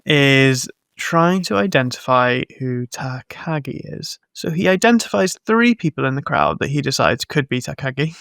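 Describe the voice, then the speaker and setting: A man's voice: medium pitch, big pitch swings, moderate pace, gravelly, fairly bright tone, no echo. Dry-sounding man recapping a film. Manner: rambling, jokey, sarcastic. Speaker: podcast co-host recapping a film. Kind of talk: casual film-recap chat.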